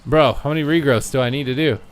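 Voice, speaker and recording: A man giving casual, jokey commentary while playing an online game, often shouting and taunting opponents. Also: medium pitch, quick pace. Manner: jokey, yells and taunts opponents in silly voices. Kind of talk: excitable gameplay commentary.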